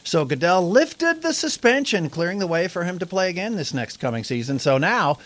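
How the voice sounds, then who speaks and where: A man's voice: high-pitched, sing-song, a little fast, a bit bright. A male radio host reading comic sports news in a wry, mock-serious way.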